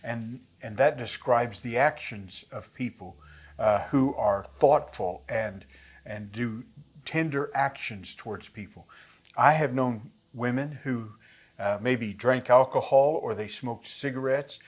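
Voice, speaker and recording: A man's voice: medium pitch, slow pace, slightly rough. A man teaching a Bible study lesson, explaining words in a conversational way and reading scripture aloud with emphasis.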